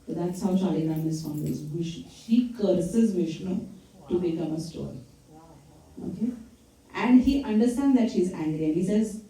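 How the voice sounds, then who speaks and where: A woman's voice: fairly low pitch, a little slow, dark tone. Storytelling woman in an echoey hall. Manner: conversational storytelling, quizzes the audience. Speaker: lecturer. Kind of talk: temple lecture retelling scripture stories. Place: temple hall. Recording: echoey hall, mic from far off.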